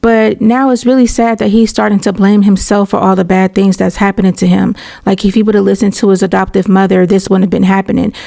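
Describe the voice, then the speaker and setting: A woman's voice: mid-range voice, steady tone, fairly quick, vocal fry, hardly any pauses, dark tone. A woman hosting casual reaction commentary, candid and opinionated, talking in a conversational way with slang.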